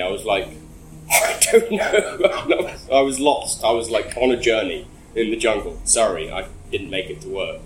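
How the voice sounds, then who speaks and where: A man's voice: lowish voice, reverberant, a little hiss or hum, low-quality recording. A man casually telling a long, rambling story in an interview. He swears often and laughs between phrases.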